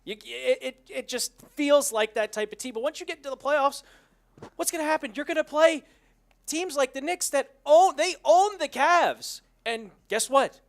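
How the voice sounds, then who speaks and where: A man co-hosting a sports talk show, talking in an animated, excitable way and quick to mock. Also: very high-pitched. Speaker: co-host.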